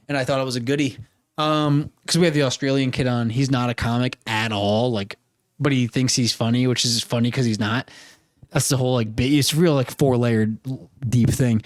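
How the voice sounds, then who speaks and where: A man hosting a podcast in casual chat, rambling and joking, often breaking into animated quoted voices. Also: mid-range voice, brisk, dry recording, studio quality. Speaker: podcast host.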